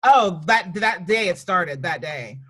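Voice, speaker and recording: A woman comedian from New York and Virginia, casually telling lively stories on a podcast and acting out the people in them. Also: fairly low pitch, takes it slowly. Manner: animated, acts out voices in anecdotes. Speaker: comedian guest.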